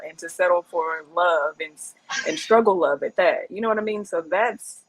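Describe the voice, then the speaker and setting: Husky-voiced outspoken woman host. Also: on the low side, normal speed, poor audio. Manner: outspoken, rhetorical questions. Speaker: podcast co-host. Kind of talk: casual podcast chat.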